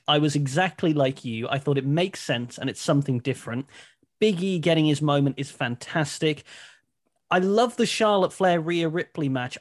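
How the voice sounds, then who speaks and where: A man co-hosting a talk show, reading listener messages and giving upbeat, opinionated takes in casual chat. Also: on the high side. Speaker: co-host of a wrestling talk show.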